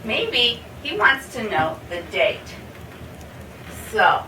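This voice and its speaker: A woman teaching a basic English lesson, spelling out example sentences slowly word by word and checking in with "okay?". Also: a little high, very animated, pushed and bright. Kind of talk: slow classroom explanation. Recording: roomy echo, from a distance, faint hiss.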